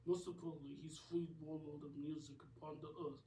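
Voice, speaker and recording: A man's voice: on the high side, little pitch movement, a little fast, mellow, a little hiss or hum, natural voice. A man voices a folksy, blunt record producer with a tattling drawl. It sounds like amateur cartoon voicing. Roomy echo and a distant mic. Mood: indignant.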